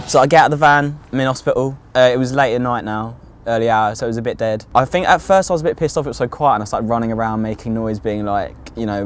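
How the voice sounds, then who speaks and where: A man's voice: medium pitch, fairly even intonation, fast, few pauses, slight background noise. A young man tells his own story casually in a documentary, with lots of fillers and swearing. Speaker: interviewee recounting his own psychosis. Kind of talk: candid documentary testimony.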